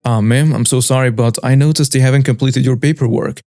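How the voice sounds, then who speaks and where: A man voicing a calm, courteous female clinic receptionist. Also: medium pitch, brisk, no echo, clean studio sound, close to an everyday voice. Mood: polite.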